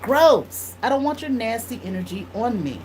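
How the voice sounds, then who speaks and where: A woman tarot reader telling a blunt, animated story in casual speech, swearing freely. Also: on the high side, moderate pace, a little hiss or hum, low-quality recording.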